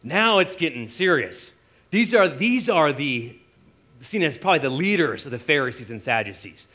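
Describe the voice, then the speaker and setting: A man delivers a sermon in a lively storytelling manner. His voice sits a little high for a man, and he jumps into short acted voices for the people in his story. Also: normal speed. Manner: animated storytelling, acting out disciples' voices. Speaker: pastor.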